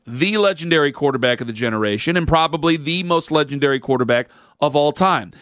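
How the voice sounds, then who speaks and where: A man's voice: on the high side, fairly bright tone, no room sound, clean studio sound. A man hosting a sports talk radio show, delivering a sarcastic, opinionated rant.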